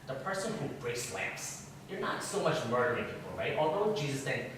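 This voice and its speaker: A man leads an interactive Bible study and keeps quizzing his class in a casual, conversational way. His voice rises and falls a lot as he talks. He is recorded from across a heavily echoing room, with steady noise behind him. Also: medium pitch, moderate pace. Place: church classroom. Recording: echoey room, distant mic, background noise.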